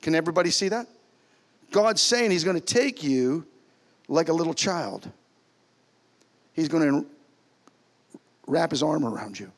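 Pastor guy preaching in church, kinda high voice, gets loud then goes real quiet. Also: unhurried, pauses often. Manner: animated, swings from loud exclamations to soft near-whispers. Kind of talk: sermon. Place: church sanctuary.

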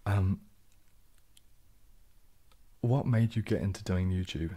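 A man with a low, husky, mellow voice chats softly on a relaxed ASMR livestream. He rambles gently through viewers' questions and sometimes slips into a whisper. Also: slow. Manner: relaxed, rambling, drops into whispers, reads chat aloud. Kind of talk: casual soft-spoken livestream chat.

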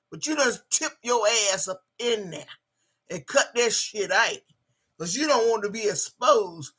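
A woman's voice: fairly high pitch, lively intonation, unhurried, a bit bright, husky. A woman hosting a livestream, ranting in a profane, combative, repetitive way and reading out viewer chat. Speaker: livestream host. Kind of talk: angry livestream rant.

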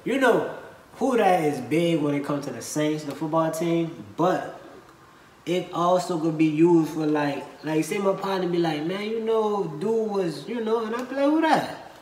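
A young woman with a New Orleans accent, chatting casually about local slang and acting out quotes with animated laughter. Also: lowish voice, a little slow. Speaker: co-host. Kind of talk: casual chat explaining slang. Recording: echoey room with faint noise.

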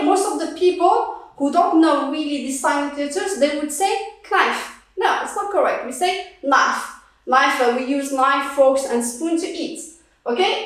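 A high-voiced woman teacher talks slowly and patiently, saying each word twice so students can repeat it. Her voice sounds far from the mic and rings around a very echoey room. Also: a bit bright. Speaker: English teacher. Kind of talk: classroom lesson explaining pronunciation.

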